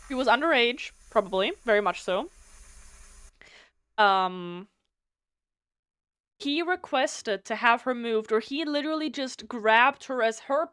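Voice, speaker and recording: German-native woman streamer, casual gaming chat, animated and cursing, smooth clear voice, dry close sound. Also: fairly high pitch, no echo. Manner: animated, swears freely, reads game text aloud.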